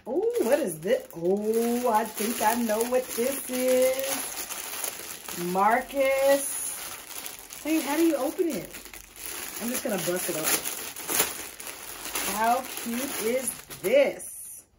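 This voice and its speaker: A woman's voice: on the high side, expressive, noisy background. A woman hosting a casual video, opening gifts with playful, exuberant chatter. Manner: exuberant, playful, quick to laugh. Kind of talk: casual chat.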